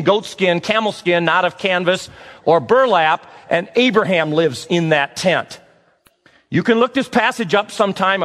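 Animated high-voiced male preacher. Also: in a large hall. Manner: animated, acts out dialogue, talks to the audience. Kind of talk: sermon with storytelling.

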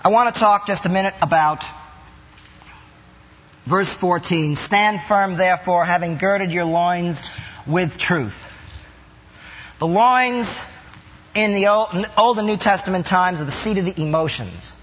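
High-voiced guy preaching, acts out voices, echoey church hall, kinda muffled. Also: a little slow, pauses often. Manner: animated preaching, acting out inner dialogue. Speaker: pastor. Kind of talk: sermon.

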